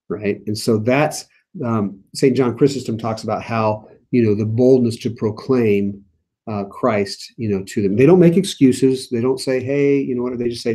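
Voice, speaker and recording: An American man leads a relaxed Bible study, talking in an easygoing, animated way and chuckling as he goes. His voice is mellow and warm, set at an everyday middle pitch. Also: moderate pace. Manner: animated, playful, laughs while explaining. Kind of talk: casual Bible study teaching.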